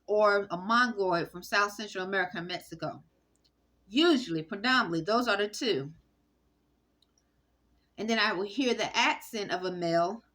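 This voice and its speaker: Woman, bright tense voice, casual monologue, halting, lots of restarts. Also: mid-range voice. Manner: rambling, halting, with frequent fillers and restarts.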